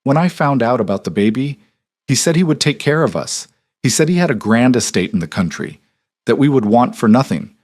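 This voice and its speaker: A man's voice: mid-range voice, animated, a little fast, darkish tone, voice pushed up, natural voice. A man voicing a poor, frightened young pregnant woman who pleads through tears in a storybook. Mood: tearful. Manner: weeping, choked, pleading.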